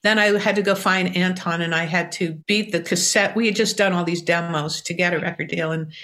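A woman in her sixties, a songwriter guest, telling stories in an animated, lively way during an interview. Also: fairly low pitch, fairly quick. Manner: animated, lively anecdotal storytelling. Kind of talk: storytelling interview answers.

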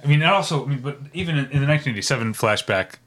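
A man's voice: medium pitch, lively intonation, rapid-fire, noisy background. A man co-hosting a podcast, chatting casually and recounting scenes with quoted lines and frequent laughs. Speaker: podcast co-host. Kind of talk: casual chat recapping a sitcom.

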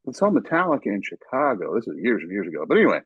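A man chatting casually on a podcast, his pitch leaping as he acts out what people said. His voice is a little husky and the sound is dull and lo-fi. There is no room echo. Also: rapid-fire. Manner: animated storyteller, acts out quotes loudly. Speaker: podcast guest, basketball writer.

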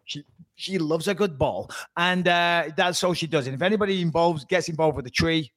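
A man's voice: fairly high pitch, expressive, moderate pace, no room sound. A middle-aged man, co-hosting a podcast in casual banter, playful and mock-boastful, swearing freely. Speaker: podcast co-host.

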